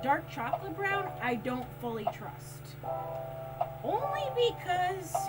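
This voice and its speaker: Lively chatty woman streamer over lofi music. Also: a little high. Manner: chatty, laughs often, reads chat aloud. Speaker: livestreamer making soap. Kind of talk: casual livestream chat. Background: lofi music playing.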